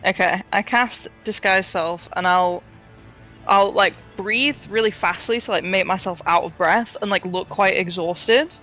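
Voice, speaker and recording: A woman's voice: medium pitch, a little slow, a bit bright, faint music behind, low-quality recording. A woman player in a tabletop game, describing her actions hesitantly with many fillers. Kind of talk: tabletop role-play.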